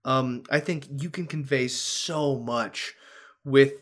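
A man, a dungeon master, talking casually on a podcast over a video call, animated, with many restarts and frequent laughs. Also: mid-range voice, takes it slowly.

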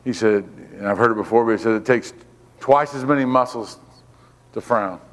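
A man's voice: on the low side, normal speed, fairly bright tone, in a large hall. A man giving a sermon as a guest preacher, fervent and repetitive, calling on the congregation to respond. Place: church.

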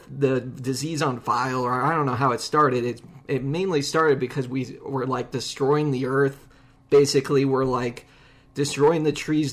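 Rambling, chatty man telling a story. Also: mid-range voice. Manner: rambling, animated storyteller with many restarts. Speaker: podcast host. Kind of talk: casual conversation.

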